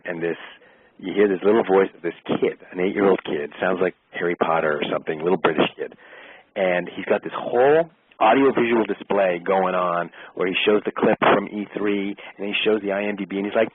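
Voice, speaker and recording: A man, an actor, telling an animated story in an interview and acting out the voices of the people he quotes. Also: fairly low pitch, brisk, slightly rough, narrow, tinny audio. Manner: lively, acts out quoted voices.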